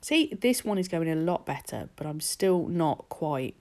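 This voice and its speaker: A woman's voice: deep voice, very animated, a little slow, dark tone. A woman narrating her nail art tutorial, chatty and self-mocking with rambling asides. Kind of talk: casual voice-over tutorial.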